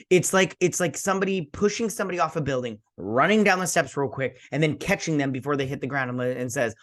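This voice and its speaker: A man's voice: fairly high pitch, lively intonation, moderate pace, fairly bright tone. A man hosting a casual TV episode review, rambling and sarcastic, often mock-quoting the characters. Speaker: host.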